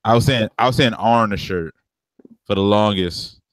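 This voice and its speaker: A laid-back podcast co-host tells stories in slang and laughs often, speaking at a normal speed in a voice on the low side. He comes from a family rooted in the American South. There's no echo.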